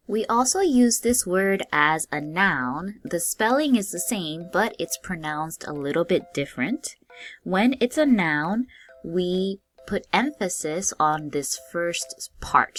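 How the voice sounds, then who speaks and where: A woman with a somewhat low voice gives a vocabulary lesson at a slow, careful pace. She explains each word patiently in simple terms for learners. Faint music runs underneath. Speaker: English vocabulary teacher. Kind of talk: slow, clear classroom explanation.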